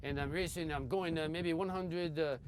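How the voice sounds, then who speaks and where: A man's voice: on the high side, steady tone, moderate pace, a little hiss or hum, voice pushed up, lightly acted. A man voicing a short, cocky male desert motorcycle racer who talks in boastful broken English and swears.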